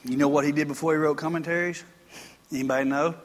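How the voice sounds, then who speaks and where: The pastor here has a slightly high voice with fairly even intonation, and he delivers his sermon fast. He spins folksy stories that climb toward emphatic points, all echoing in the long reverb of a church hall.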